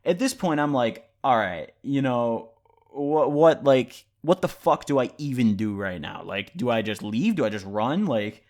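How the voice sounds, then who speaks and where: A man's voice: medium pitch, expressive, unhurried, a little mellow. A man telling a story for his vlog in a casual, rambling way, full of "like" and swearing. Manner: rambling, heavy use of "like" and profanity. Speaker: vlogger.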